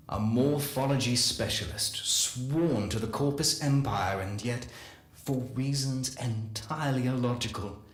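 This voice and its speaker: A man giving a dramatic first-person story reading, slow and measured with deliberate pauses. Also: medium pitch, fairly bright tone. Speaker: lore reader. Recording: echoey room.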